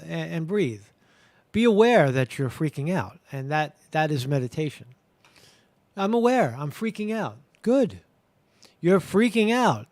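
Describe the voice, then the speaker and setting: A man's voice: fairly high pitch, gravelly, no room sound. A man hosting a live show, talking in a rambling casual monologue that repeats words and swears now and then.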